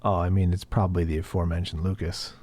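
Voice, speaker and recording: A man's voice: deep voice, little pitch movement, fast, darkish tone. A man co-hosting a podcast, chatting in an easygoing way with short replies. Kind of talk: casual chat.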